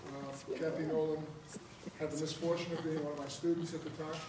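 A man's voice: fairly high pitch, level tone, fairly quick. Brief: senator at a hearing, man, folksy and rambling, slightly raised voice, distant and echoey. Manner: folksy, joking, long-winded questions with many ums. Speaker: state senator questioning a witness. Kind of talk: legislative hearing questioning. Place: legislative hearing room. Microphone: table microphone, at first switched off. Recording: echoey distant hearing-room audio with noise.

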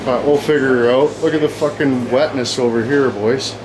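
A man vlogging outdoors in the cold, talking loudly and rowdily, swearing constantly and hooting at his buddies. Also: medium pitch, steady tone, moderate pace, very noisy. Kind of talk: profane casual banter. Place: outdoors in the cold with a motor running.

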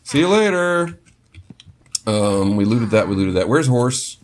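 Speaking a little slowly in a medium-pitched, very animated voice, a man riffs on the game he's playing for his gaming channel. He jokes around and offers his in-game horse tongue-in-cheek apologies. Some faint background noise is audible.

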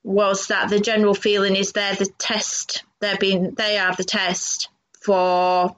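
A woman's voice: mid-range voice, level tone, unhurried, a bit bright. A woman co-hosting a talk show, chatting casually and rambling with many fillers. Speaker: radio co-host. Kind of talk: casual chat interview. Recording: dull lo-fi audio.

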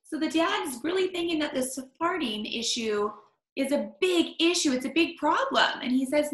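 A woman reading a picture book aloud to children, expressive, stopping to comment on the story. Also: high-pitched, normal speed. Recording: echoey room.

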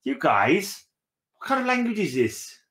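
A man's voice: high voice, sing-song, unhurried, a bit bright. English man, reaction host, joking exasperated asides, echoey room. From England. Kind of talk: casual reaction commentary. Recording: roomy echo.

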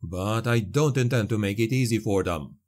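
A man's voice: fairly low pitch, moderate pace, a little mellow, lightly acted. Weary young swordsman hero, dry and grim, fantasy audiobook, as a male narrator puts him on.

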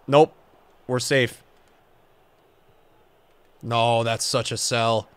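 A young man commentating his own football video game match as a streamer, swinging from low muttering to loud outbursts. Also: level tone, drawn-out words, long pauses, smooth, no room sound. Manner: emotional, swings from muttering to shouting. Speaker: gaming streamer. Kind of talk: live gameplay commentary.

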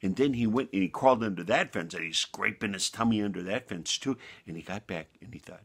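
A man telling a bedtime story for children, animated and homespun, talking straight to the listener. His voice is low and gravelly with a husky edge, and it swoops high and low all the way through. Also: quick pace. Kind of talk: bedtime story reading with a moral.

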